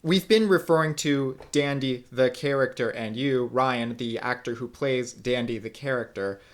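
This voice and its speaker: A man's voice: medium pitch, moderate pace. A man interviewing a guest, asking questions in a hesitant, casual way with many fillers.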